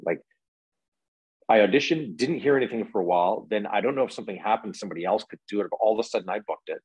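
A man's voice: fairly low pitch, racing, a little mellow, husky, no room sound, low-quality recording. A man in his thirties, an actor, telling stories in a casual interview, rambling with many fillers and restarts.

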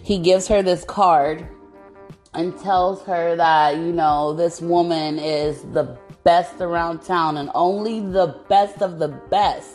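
A woman with a fairly low voice chats easily on a podcast, filling in plot points. She sounds relaxed and agreeable. Soft music sits faintly underneath. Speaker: podcast co-host. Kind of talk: casual chat recapping a movie.

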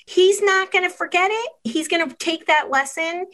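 Woman, 50s, guest expert; animated, chatty storyteller who voices the other people in her anecdotes. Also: very high-pitched, normal speed, rough recording. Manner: animated, acts out dialogue in shifting voices. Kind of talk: casual storytelling chat.

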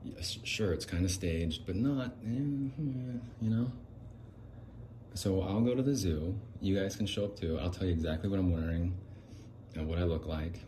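Brief: male solo podcast host, very low, dark voice, rambling and self-deprecating. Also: moderate pace, a little hiss or hum. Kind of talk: comedic solo podcast monologue.

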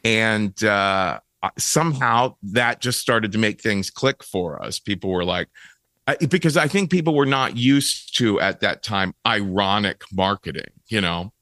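A man's voice: lowish voice, measured pace, sharp tone, dry recording, studio quality. A middle-aged man from Ohio, a guest telling stories animatedly in a casual interview and laughing often. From Cincinnati, Ohio, USA.

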